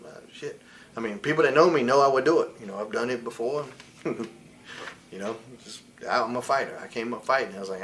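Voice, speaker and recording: A man's voice: medium pitch, brisk, fairly bright tone, a little hiss or hum. A man in his forties telling candid stories in an interview, blunt and heated, swearing often. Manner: blunt, heated, profane, quotes others in put-on voices. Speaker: wrestler interviewed as guest.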